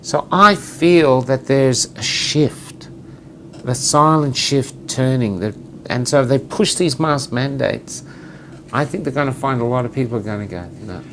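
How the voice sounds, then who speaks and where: A middle-aged man, chatting casually as a co-host and slipping into little voices for the people in his anecdotes. His voice sits in an everyday middle pitch, with a faint hum of room noise behind him. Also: measured pace. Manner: animated storyteller, acts out quotes. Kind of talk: casual chat.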